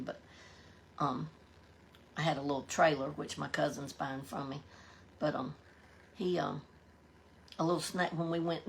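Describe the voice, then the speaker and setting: A woman with a low, gravelly voice and a Southern US accent hosts a live stream, chatting in a folksy way and greeting viewers by name as she reads their comments. There's slight background noise.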